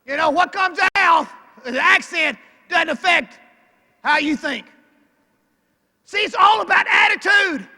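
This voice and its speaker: An older man from Arkansas with a Southern accent, giving a folksy, emphatic motivational speech at a banquet and calling out his key lines loudly. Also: very high voice, animated, unhurried, long pauses. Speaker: keynote speaker. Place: large banquet hall. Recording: echoey banquet hall with long reverb.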